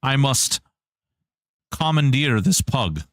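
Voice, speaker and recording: A man's voice: medium pitch, very animated, slow, no room sound, clean studio sound. A man streaming gameplay live, joking with chat and hyping up giveaways. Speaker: game streamer.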